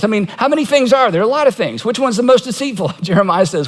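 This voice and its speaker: A man's voice: sits high, lively intonation, fast, hardly any pauses, long reverb tail. A man preaching a sermon as pastor, telling stories in a conversational way and acting out quoted voices with humor.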